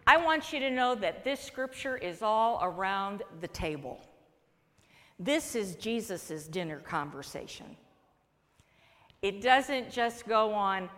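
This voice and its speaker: A woman pastor delivers a sermon at an unhurried pace, her voice sitting a little high. She talks to the congregation conversationally and slips into the voices of the people she quotes. A long reverb from the church hall trails behind her words. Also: lively intonation, a bit bright. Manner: conversational preaching with acted-out quotes. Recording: long echo of a large hall.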